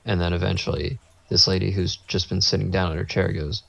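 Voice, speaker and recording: Deep and creaky, a man's voice moves fairly quickly in a level tone. He co-hosts a podcast, rambling through an anecdote in casual conversation and acting out quotes, with dull lo-fi audio quality.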